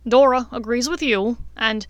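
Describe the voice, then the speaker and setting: A woman's voice: fairly high pitch, moderate pace, no echo, close to an everyday voice. A woman voicing a kindly middle-aged wizard father with a thick brogue accent, fatherly and emphatic.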